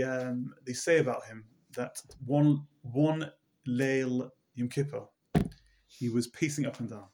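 Animated male Torah teacher. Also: medium pitch. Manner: repeats words, many fillers, animated storyteller. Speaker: religious teacher. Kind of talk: Torah class storytelling.

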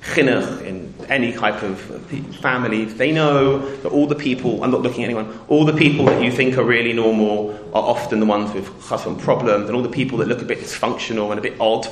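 A man's voice: mid-range voice, fairly quick, few pauses, noisy background. A middle-aged man from England telling a casual anecdote with a moral, rambling and cutting himself off, acting out the voices he quotes. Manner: rambling, self-interrupting, acts out quoted voices. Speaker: storyteller speaking to a community audience. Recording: roomy echo.

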